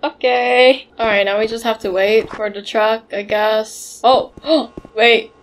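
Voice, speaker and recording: A woman with a high voice chats away playfully and giggles as she gives commentary on a video game she is playing. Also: steady tone, slow pace, slight background noise. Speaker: gamer.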